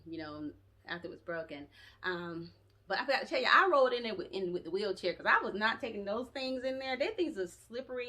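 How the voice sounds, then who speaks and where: A woman vlogger tells her story at a fast clip, chatty and animated. Her voice is bright and forward, and she keeps slipping in colloquial asides. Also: mid-range voice. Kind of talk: casual storytelling to camera.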